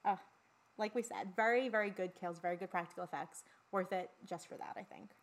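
A woman's voice: mid-range voice, fairly quick. A woman co-hosting a podcast, talking casually and swearing freely about a horror film. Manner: chatty, swears freely, lots of fillers. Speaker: podcast co-host.

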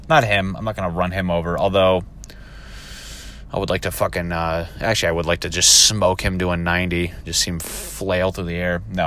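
A young man in a car, telling a profane, animated story about strangers at a store as a casual vlog rant. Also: low voice, a little hiss or hum. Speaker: vlogger. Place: in a car while driving.

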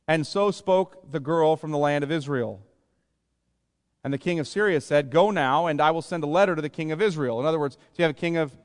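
Male pastor, fairly high voice, conversational expository preaching, church sanctuary with long reverb. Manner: conversational, explains scripture in plain paraphrase. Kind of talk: sermon.

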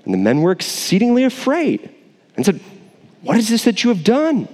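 A male pastor preaching a sermon in a casual, animated way, acting out the characters in quick voices. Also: sits high, long reverb tail.

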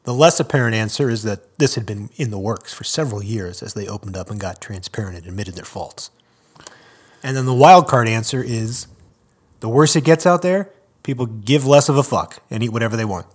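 A man with a husky voice co-hosts a podcast in casual chat. He trades playful, mock-earnest asides. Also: lowish voice, lively intonation, a little fast. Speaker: podcast co-host.

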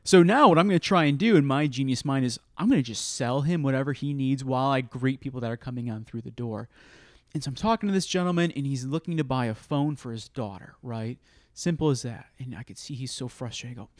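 A man's voice: medium pitch, quick pace, dry recording, clean studio sound. A man telling a work story in a casual podcast chat and acting out the dialogue as he goes. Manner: animated storyteller who acts out quoted dialogue. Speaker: podcast co-host.

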